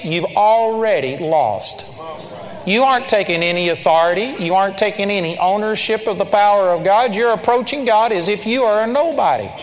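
A man's voice: sits high, lively intonation, moderate pace, a bit bright. A man preaching a sermon in an emphatic way, sometimes mimicking timid, pleading prayers. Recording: long hall reverb.

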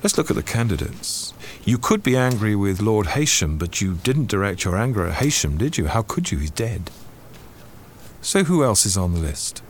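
An actor playing a priest who questions a suspect in a measured, probing, sardonic way. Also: male voice, on the low side, very animated, a little hiss or hum. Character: shrewd male priest interrogating a suspect. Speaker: priest investigator.

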